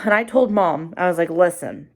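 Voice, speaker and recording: A woman's voice: fairly low pitch, animated, normal speed. A woman in her twenties vlogging in a casual confessional way, rambling anxiously with many fillers. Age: 20s.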